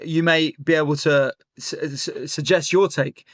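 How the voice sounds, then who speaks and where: Young guy rambling through a story, kinda high voice, dry sound, lots of likes and restarts. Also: a little slow, dry recording. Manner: animated storyteller, many fillers and restarts. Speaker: comedian guest. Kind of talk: casual storytelling chat. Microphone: remote call.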